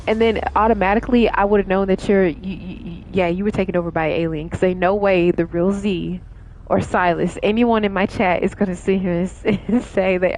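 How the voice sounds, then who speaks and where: A woman's voice: mid-range voice, fairly even intonation, brisk, darkish tone, faint music behind. Chatty, laughing woman streamer. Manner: chatty, laughs often, rambling with many fillers. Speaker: gaming streamer. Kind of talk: casual live-stream chat with viewers.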